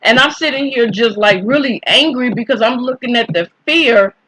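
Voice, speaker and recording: Bright, sharp-toned woman recounting a story with indignation; casual talk, throat-clearing. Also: a little high, moderate pace, low-quality recording. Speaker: commentator telling a personal story.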